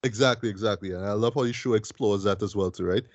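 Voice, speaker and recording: A man's voice: fairly low pitch, quick pace, a little mellow, dry recording, highs cut off. A man hosting a film review podcast, talking eagerly and tagging lines with "right?" and "boy". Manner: enthusiastic, many fillers like "right?" and "boy". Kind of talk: casual film review chat.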